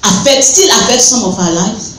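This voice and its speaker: A woman's voice: a little high, expressive, moderate pace. A woman preaching a sermon with passion, at times lifting into a sung rise. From West Africa. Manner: impassioned, with sudden sung rises. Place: church hall. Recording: very echoey church hall, faint noise.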